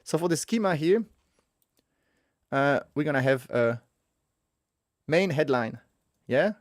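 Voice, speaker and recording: A man's voice: fairly high pitch, animated, slow pace, no room sound, clean studio sound. A man teaching a casual coding walkthrough, thinking aloud as he works, correcting himself and chuckling at his own mistakes. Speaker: web developer teaching a coding tutorial.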